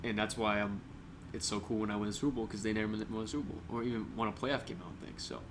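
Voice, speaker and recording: A man's voice: lowish voice, steady tone, very fast, noisy background. A young man co-hosting a sports podcast, chatting casually, joking and roasting with slangy talk and frequent laughter. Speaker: podcast co-host.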